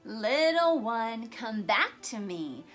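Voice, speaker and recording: A woman's voice: a little high, very animated, takes it slowly, a bit bright, faint music behind, heavily acted. A woman voicing a menacing evil male thief who hisses taunting threats, as a storybook reading.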